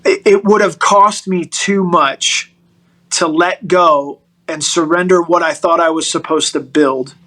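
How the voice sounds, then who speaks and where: Middle-aged male guest, high and bright, animated storyteller who restarts his sentences. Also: a little slow, poor audio. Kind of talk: personal storytelling in a podcast interview.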